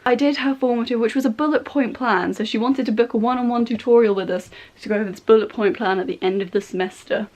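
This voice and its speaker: A woman's voice: a little high, steady tone, quick pace, hardly any pauses, a little mellow. A young woman vlogger venting in casual chat, exasperated and chatty. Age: young adult. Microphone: compact camera.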